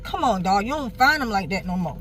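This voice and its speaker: A young woman talks straight to her viewers, candid and animated, her speech loose and full of asides. Her voice sits at an ordinary middle pitch. Faint traffic noise hums behind her. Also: brisk. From Miami, Florida. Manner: animated, candid, swears freely, keeps addressing viewers. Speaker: vlogger. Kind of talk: casual personal storytelling.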